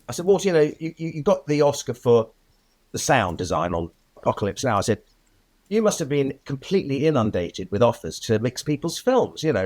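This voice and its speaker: An older man tells stories from his career in an interview. His voice sits at a middle pitch, and he talks in a lively way, laughing often and putting on the voices of the people he quotes. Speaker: film editor, guest. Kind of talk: anecdotal interview storytelling.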